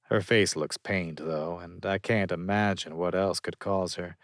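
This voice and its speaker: A man's voice: low voice, fairly even intonation, measured pace, dry recording, clean studio sound. A man narrating a romance audiobook in first person, wry and conversational.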